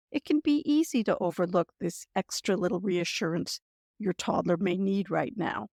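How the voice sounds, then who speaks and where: A woman hosting a parenting podcast, giving gentle, reassuring advice and sample phrasings in a scripted talk. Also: mid-range voice, no echo, studio quality.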